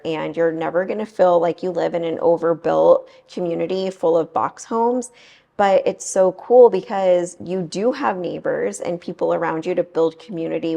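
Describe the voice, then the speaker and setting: A woman's voice: fairly low pitch, vocal fry, darkish tone. A woman real estate agent chatting enthusiastically to camera in a home's kitchen, talking straight to her viewers. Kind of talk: casual home-tour chat to camera. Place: kitchen of a house.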